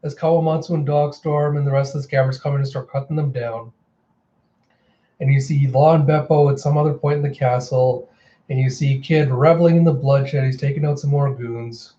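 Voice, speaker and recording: A man recapping a manga chapter for his channel, animated, jumping into character voices as he reads the lines out. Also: mid-range voice, fairly quick, muffled recording. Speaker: manga reaction host. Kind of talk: casual manga reaction, acting out lines.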